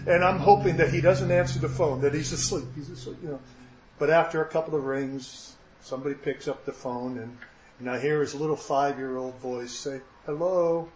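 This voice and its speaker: Guy preaching, kinda high voice, chatty storytelling, jokes on himself, echoey church room. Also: steady tone, brisk, a little mellow. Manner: conversational storytelling, self-deprecating humor, frequent restarts. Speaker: pastor. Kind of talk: sermon with a personal story.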